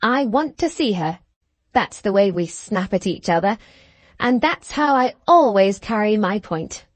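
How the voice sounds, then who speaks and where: A woman's voice: medium pitch, lively intonation, a little slow, no echo. A woman voicing a hard, bitter young schoolgirl who talks with satirical scorn in an audiobook. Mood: mocking. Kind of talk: audiobook character reading.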